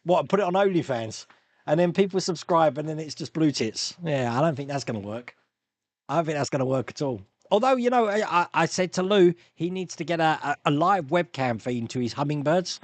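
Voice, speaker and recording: A man's voice: a little high, lively intonation, fairly quick, dry recording. A man hosting a live stream, chatting casually and rambling through viewer comments with frequent laughs and restarts.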